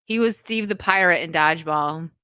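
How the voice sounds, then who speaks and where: A woman's voice: lowish voice, normal speed, bright, forceful tone, clear, resonant tone, no room sound, clean studio sound. A woman hosting a casual solo video chat, rambling and chatty with frequent laughs. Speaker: host.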